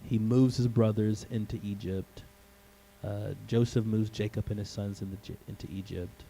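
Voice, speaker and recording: A male pastor preaching a sermon in a church, telling the story in an animated way and acting out the scenes. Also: on the low side, moderate pace, vocal fry, a little hiss or hum, low-quality recording.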